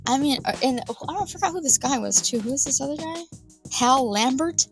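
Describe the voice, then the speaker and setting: A woman's voice: sits high, lively intonation, faint music behind. Exasperated young woman reacting to clips. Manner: indignant, sarcastic, exclaiming; pauses to over-stress words slowly. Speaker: political commentary vlogger. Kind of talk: reaction commentary.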